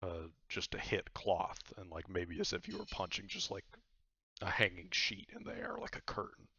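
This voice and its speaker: A very low, gravelly man narrating a tabletop game as game master. He rambles and fills his speech with uhs and likes. The recording is dry and dull, like a lo-fi mic. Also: huge pitch swings, moderate pace, sharp tone. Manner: rambling, filler-heavy narration.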